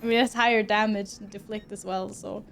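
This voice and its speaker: A woman's voice: mid-range voice, fairly even intonation, brisk, gravelly, fairly bright tone, a little hiss or hum. A young woman from Sweden streaming a video game at home, chatting and giggling with her viewers as she plays. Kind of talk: casual gameplay streaming.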